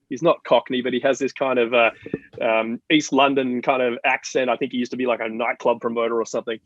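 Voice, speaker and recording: A man from Australia, a guest in an interview, explaining ideas in an animated, storytelling way with many restarts. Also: medium pitch, no echo, muffled recording. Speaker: marketing guest. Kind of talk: interview conversation.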